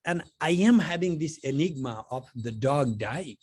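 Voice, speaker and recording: A man's voice: fairly high pitch, expressive, a little slow, a little mellow, husky, no echo. A middle-aged man, a spiritual teacher, giving a conversational philosophy lecture full of anecdotes and "you know" fillers.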